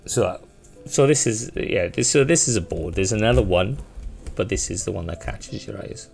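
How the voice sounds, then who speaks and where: Deep, very gravelly game master. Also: male voice, animated, moderate pace, darkish tone, faint music behind. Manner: casual, rambling, many fillers. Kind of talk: narrating a tabletop game.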